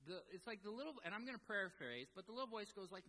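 A man delivering a sermon in a lively, animated way, with a bright, forceful voice. He tells his story with self-deprecating asides. His voice rings with the long reverb of a large hall. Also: high-pitched, very fast. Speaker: preacher.

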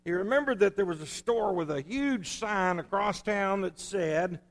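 High-voiced preacher in a reverberant church. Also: male voice, moderate pace, vocal fry, hardly any pauses. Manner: storytelling preacher, folksy and conversational. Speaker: pastor. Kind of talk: sermon. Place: church sanctuary. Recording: long hall reverb.

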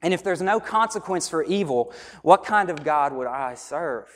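A man's voice: fairly high pitch, lively intonation, normal speed, a bit bright, long reverb tail. A man preaching a sermon as pastor, conversational, repeating his points and asking the crowd questions. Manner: conversational preaching with repeated phrases and asides to the audience.

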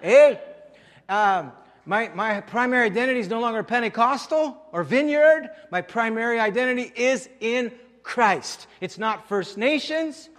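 A man from French Canada preaches a sermon in a high, bright voice. He hits key phrases loudly and then drops to a low, quiet tone, and his words carry a long reverb through a church hall. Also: expressive, a little slow. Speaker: pastor.

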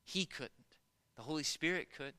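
A man in his thirties preaching a sermon in a conversational storytelling way, swinging between loud bursts and hushed passages. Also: fairly high pitch, normal speed, smooth. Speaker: pastor.

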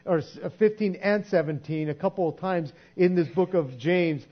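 A man preaching a sermon in a conversational way, sometimes acting out quoted voices and dropping to a soft hush. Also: high-pitched, normal speed. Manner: conversational, acts out quoted voices, drops to soft hushed tones. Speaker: pastor. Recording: dull lo-fi sound with mains hum.

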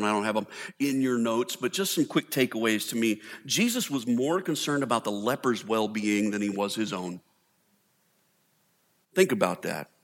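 A man's voice: on the low side, fairly bright tone. Male pastor, chatty humorous sermon delivery, long hall reverb. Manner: humorous, conversational preaching with acted quotes.

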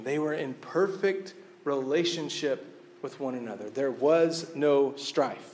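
A man's voice: mid-range voice, unhurried, a little mellow. A man preaching a sermon as a pastor, earnest and often repeating words as he restarts his phrases. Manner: reads scripture aloud.

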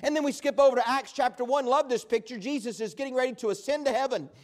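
High-pitched male pastor, folksy storytelling sermon delivery. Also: fast talker. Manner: animated storytelling preacher, folksy.

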